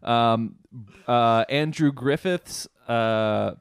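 A man's voice: mid-range voice, drawn-out words, clean tone, no room sound. A man hosting a casual comedy podcast, reading texts aloud in a dry, matter-of-fact way. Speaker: podcast host.

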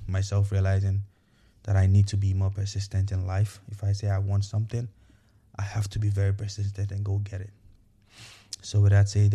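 A man with a low, very dark and mellow voice hosts a motivational podcast. He speaks earnestly and repeats himself as he coaches his listeners, often checking in with an "okay" or a "you know." The delivery is unscripted and conversational. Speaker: podcast host.

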